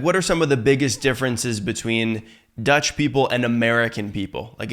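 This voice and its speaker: Smooth-voiced male interviewer. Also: mid-range voice, fairly bright tone. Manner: hesitant, searching for words. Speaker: interviewer, host. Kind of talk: casual interview questions.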